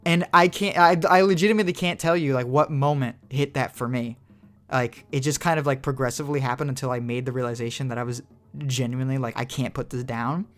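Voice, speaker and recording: A man's voice: medium pitch, steady tone, fast talker, a bit bright. A young man co-hosting a podcast, rambling in casual chat with lots of "like" fillers and casual swearing. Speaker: podcast co-host.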